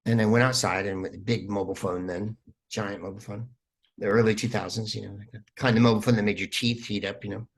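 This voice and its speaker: A man, a comedian guest on a podcast, telling stories in a lively, rambling way with plenty of fillers. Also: fairly low pitch, quick pace, vocal fry, husky. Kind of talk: casual podcast interview.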